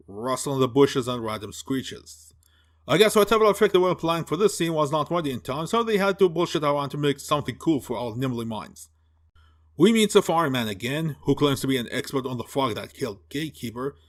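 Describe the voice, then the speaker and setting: A man giving a sarcastic, profane film review rant, mocking and exasperated as he picks apart the plot. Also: fairly high pitch. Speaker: movie reviewer.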